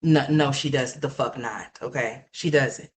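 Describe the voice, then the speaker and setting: Streamer ranting to chat, cussing a lot, repeats stuff, middle pitch voice. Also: unhurried. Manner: blunt, profane, repetitive, talks straight to viewers. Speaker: livestream commentary host. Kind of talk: ranting gossip commentary to live chat.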